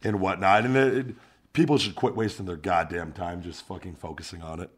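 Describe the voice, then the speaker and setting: A man with a low voice hosts a casual podcast. He talks in an animated, profane way, piling up stories with restarts. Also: a little fast, breathy edge. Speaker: podcast host, former wrestler.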